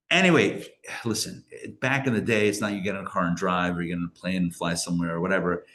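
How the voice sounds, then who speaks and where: Rabbi guy at a live class, spinning a story, chatty, does the voices with big pitch jumps. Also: brisk, fairly bright tone. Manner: chatty, acts out characters' lines with jumps in pitch. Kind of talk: casual storytelling lecture. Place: live class in a community center.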